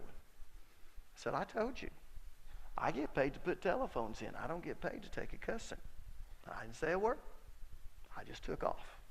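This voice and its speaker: A middle-aged pastor preaching in a church hall, telling a story with folksy, emphatic delivery. His voice sits a little high for a man and has a gravelly edge. A long reverb trails each phrase. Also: a bit bright. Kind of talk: sermon with a personal story.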